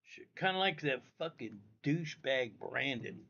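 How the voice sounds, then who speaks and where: A man's voice: mid-range voice, animated, moderate pace, vocal fry, pushed and bright, a little hiss or hum. A man hosting a casual livestream, rambling and cursing freely as he talks straight to his viewers from home. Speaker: livestream host. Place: indoors at home. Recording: dull lo-fi audio.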